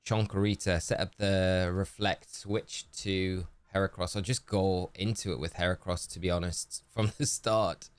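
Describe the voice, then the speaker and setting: Low-voiced man streaming a game. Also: little pitch movement, unhurried, hardly any pauses, smooth, dry recording. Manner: chatty, thinking aloud, greets chat. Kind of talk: casual game commentary.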